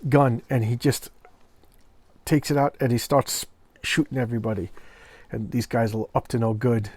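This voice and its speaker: A man's voice: medium pitch, darkish tone, dry recording. Rambling middle-aged man, dry sound. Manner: rambling, forgetful, with many fillers and restarts. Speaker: comic book collector and reviewer. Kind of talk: casual commentary vlog.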